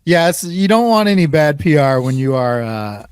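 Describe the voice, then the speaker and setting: A man's voice: fairly high pitch, sing-song, clean tone, no room sound. A man co-hosting a sports podcast, teasing and bantering in casual chat. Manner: teasing, quick to agree and banter. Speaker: podcast co-host.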